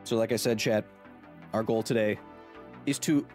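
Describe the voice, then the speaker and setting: A man in his thirties, a streamer and science communicator, hosts a casual live gaming stream, joking playfully and reading chat aloud. His voice sits on the low side, a little mellow, with fairly even intonation and normal speed. Soft music plays in the background.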